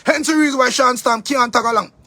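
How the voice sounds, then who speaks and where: A man's voice: very high voice, fast, gravelly, pushed and bright, no room sound. A man with a Jamaican accent delivering an angry, profane monologue rant, repeating himself for emphasis. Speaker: commentator.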